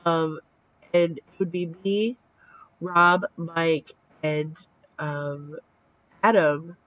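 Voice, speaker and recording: A woman in her thirties chats slowly and casually to her camera, acting out quoted dialogue and swearing now and then. She sounds tired from a short night. The recording is close and dry, with a slightly muffled, lo-fi tone. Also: low voice, level tone, fairly bright tone, dry recording. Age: 30s. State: tired from little sleep. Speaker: vlogger. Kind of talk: casual storytelling vlog. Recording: dull lo-fi sound.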